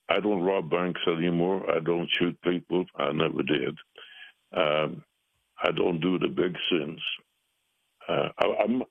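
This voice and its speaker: Super deep husky pastor guy on a tinny phone line, earnest, lots of uhs. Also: dry recording. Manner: earnest, halting with many fillers. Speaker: pastor and author, guest. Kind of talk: radio call-in conversation. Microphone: telephone.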